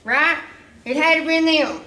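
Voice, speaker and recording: High, bright woman telling her story. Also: unhurried, roomy sound, recorded from a distance, rough recording. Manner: casual storytelling with frequent asides. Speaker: speaker giving a recovery testimony. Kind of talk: personal testimony.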